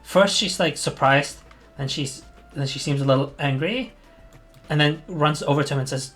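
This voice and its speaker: A man's voice: on the high side, normal speed, fairly bright tone, faint music behind. A man running a tabletop game as game master, narrating in a rambling way full of fillers while he searches for words.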